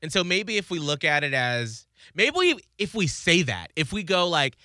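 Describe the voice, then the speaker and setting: A man co-hosting a casual podcast chat, animated and laughing often, who jumps into high-pitched voices when he quotes people. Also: normal speed, hardly any pauses, dry recording, studio quality. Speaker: podcast co-host.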